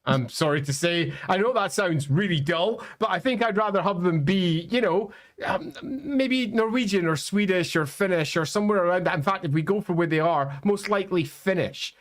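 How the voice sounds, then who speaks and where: A man with a slightly raised voice co-hosts a relaxed livestream chat. He speaks to viewers in an easygoing way and often pauses on fillers while he thinks. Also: high voice. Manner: easygoing, hesitant with many fillers. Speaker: co-host. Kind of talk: casual lore chat on a livestream.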